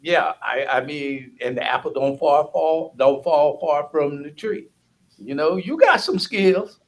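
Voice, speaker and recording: An older actor appearing as a podcast guest, talking in a relaxed, conversational way. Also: male voice, a little high, measured pace, slight background noise. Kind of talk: casual interview.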